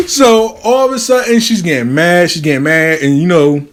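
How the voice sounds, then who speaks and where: Profane, animated male storyteller. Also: on the high side, moderate pace, hardly any pauses. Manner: animated, profane, acts out quotes. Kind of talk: casual storytelling.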